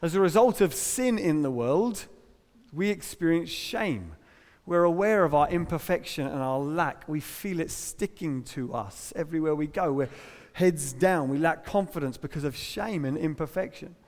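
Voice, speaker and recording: A man's voice: on the high side, expressive, normal speed, darkish tone, long reverb tail. A middle-aged man with an English accent preaching a sermon in a conversational, humorous and emphatic way. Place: church hall.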